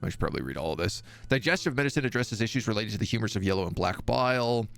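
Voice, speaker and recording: Gravelly, lively-voiced gaming streamer. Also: male voice, fairly low pitch, very fast, a little hiss or hum. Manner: reads on-screen game text aloud, jokey asides. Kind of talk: let's-play commentary.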